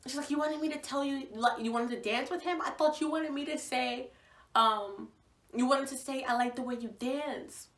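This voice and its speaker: A young woman from Virginia, casually telling a story to the camera in an animated, gushing way, acting out what people said. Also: high voice, normal speed. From Virginia, USA. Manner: animated, gushing, acts out quotes. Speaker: vlogger. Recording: echoey room, voice from far off.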